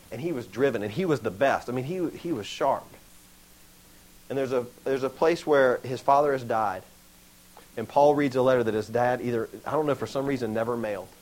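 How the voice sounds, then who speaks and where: A young man preaching a sermon in a casual, animated way, acting out the voices he quotes. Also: mid-range voice, a little fast, rough recording. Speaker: pastor.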